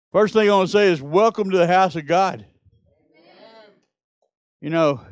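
Male pastor, middle-aged, high clear voice, dry close sound, storytelling sermon with loud emphatic peaks. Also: no room sound.

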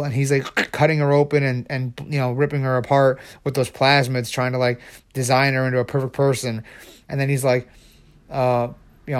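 A young man in a casual vlog, excitedly rambling about video games, with many restarts and fillers. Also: medium pitch, moderate pace. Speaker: video creator.

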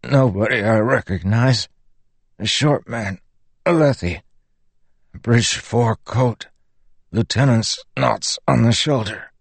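A man's voice: mid-range voice, creaky, no room sound, pitched above the performer's own voice. Brief: injured male soldier, weak and muttering, distant and subdued, narrator's voice. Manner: faint, halting, muttering.

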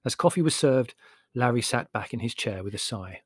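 A man reads a humorous memoir aloud at a measured pace, with a mid-pitched voice. The delivery is wry and even. The recording is close and completely dry. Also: slightly rough, no echo. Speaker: audiobook narrator. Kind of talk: scripted narration.

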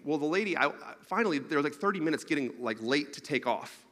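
A man's voice: on the high side, quick pace. A man telling a rambling, funny personal story in a sermon, laughing along as he goes. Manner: animated, rambling, laughs through his own story. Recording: long reverb of a large hall.

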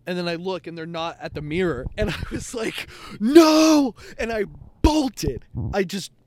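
A man's voice: fairly high pitch, fairly quick. A young man co-hosting a podcast, telling a long story in casual chat, full of fillers and swearing. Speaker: podcast co-host.

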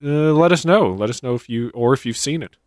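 A man's voice: mid-range voice, lively intonation, a little fast, no room sound. A man co-hosting a casual podcast, reading sighting reports with dry joking asides. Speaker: podcast co-host.

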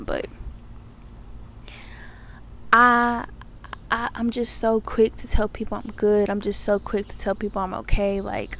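Young woman, casual monologue, profane, animated, mid pitch. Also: a little hiss or hum. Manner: profane, animated retelling of her day. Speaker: podcast host.

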